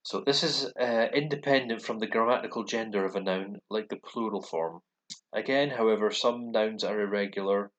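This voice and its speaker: A man casually explaining his lessons from a dark room at his computer, relaxed and thinking aloud with pauses. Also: on the low side, highs cut off. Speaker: language learner recording his lessons.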